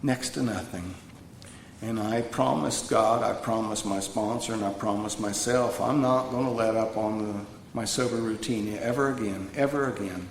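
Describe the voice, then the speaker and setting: A man's voice: fairly low pitch, normal speed. A man giving a personal recovery talk to a live audience, earnest, repeating phrases for emphasis. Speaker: recovery speaker. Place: retreat meeting room. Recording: echoey room, faint background hum.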